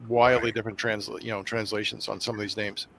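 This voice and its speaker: Fast, bright-voiced man chatting. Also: lowish voice, little pitch movement, vocal fry. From United States. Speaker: livestream guest. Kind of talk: casual livestream chat.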